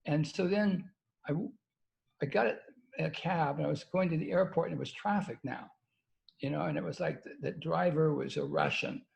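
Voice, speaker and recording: An older man, a guest, telling a story in a halting, stop-and-start way with casual swearing. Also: on the high side, gravelly. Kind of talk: rambling storytelling. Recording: dull lo-fi sound.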